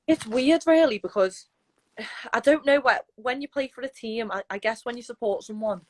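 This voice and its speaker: A young Liverpool woman, a footballer appearing as a guest, chats casually in a fairly high voice at a moderate pace. She's laid-back, laughs a lot and uses plenty of fillers, and the recording is rough.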